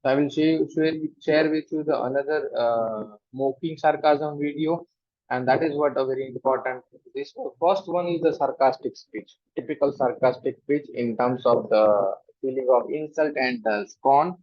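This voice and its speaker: A man giving an online lecture as host of a reading club, explaining in a measured way and often starting sentences with "so". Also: mid-range voice, no room sound. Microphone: online meeting audio. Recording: dull, lo-fi online call audio.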